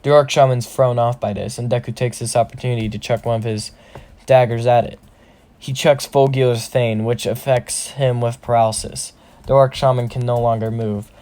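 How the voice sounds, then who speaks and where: A man's voice: medium pitch, steady tone, normal speed, warm tone. Rambling man narrating fan fiction. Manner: rambling, self-correcting. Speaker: storyteller.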